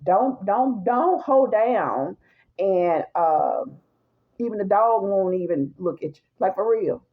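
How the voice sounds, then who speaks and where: A woman telling a personal story in a blunt, animated, casual way, talking straight to her viewers. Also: medium pitch, slow pace, narrow, tinny audio.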